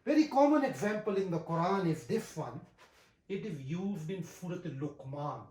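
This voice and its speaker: Teacher, grammar lesson, unhurried, repeats key words, recites verses slowly, mid pitch, echoey room. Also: animated, darkish tone. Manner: deliberate, repeats key terms for emphasis. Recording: roomy echo.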